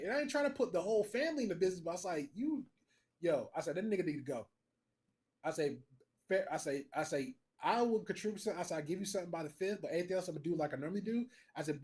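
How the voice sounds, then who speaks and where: A man co-hosting a podcast, telling a story in a blunt, profane, animated way. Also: high voice. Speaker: podcast co-host. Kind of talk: casual storytelling.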